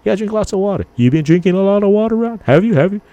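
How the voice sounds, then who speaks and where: A man doing a high, pushy buddy voice. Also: lively intonation, rapid-fire, dark tone, dull audio. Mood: fussing, concerned. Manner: pushy repeated questions. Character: excitable adult male buddy fussing over a friend.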